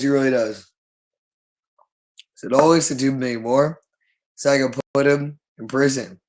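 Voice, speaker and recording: A man's voice: mid-range voice, poor audio. A man talking alone on a livestream, repeating himself insistently. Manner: repetitive and insistent. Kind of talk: unscripted livestream monologue.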